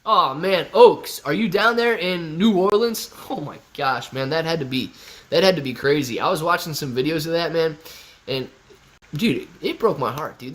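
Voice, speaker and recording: A man's voice: a little high, expressive, normal speed, fairly bright tone. A young man from Ohio hosting a casual live stream, reading chat aloud and answering in a loose, upbeat bro-ish way. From Ohio, USA. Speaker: livestream host answering chat.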